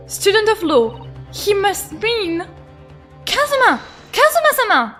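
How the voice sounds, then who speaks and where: A young woman streaming a game, reading dialogue aloud and reacting excitably with stammers and shrieks. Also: very high-pitched, unhurried, soft background music. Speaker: gaming streamer. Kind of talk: let's play commentary with voiced lines.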